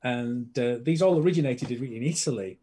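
Chatting casually as a podcast guest, this British man, a film collector, rambles with enthusiasm and lots of fillers. His voice is medium in pitch, brisk and mellow, with a breathy edge.

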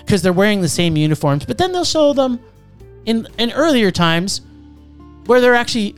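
Animated ranting movie reviewer, swears a lot, talks over people, faint music behind. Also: medium pitch, normal speed. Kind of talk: casual movie review chat.

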